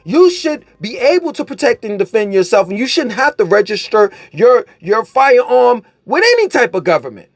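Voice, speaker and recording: A man with a high, lively voice rants straight to camera in a casual commentary. His delivery is animated and profane, swinging between mockery and insistence. His pitch leaps around constantly. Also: moderate pace, few pauses, dry recording, soft background music. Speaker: vlogger.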